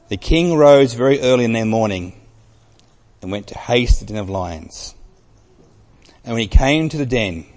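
A man preaching a sermon, telling a story with emphasis and dropping from loud to very soft. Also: medium pitch. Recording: long reverb of a large hall.

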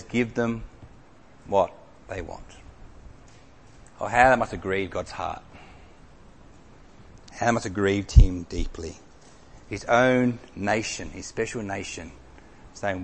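A male preacher delivering a sermon in a large, reverberant hall, his voice sitting at an ordinary middle pitch. He leans into scripture with forceful, raised emphasis, then drops to hushed, drawn-out lines for weight. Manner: dramatic swings from loud emphasis to hushed drops.

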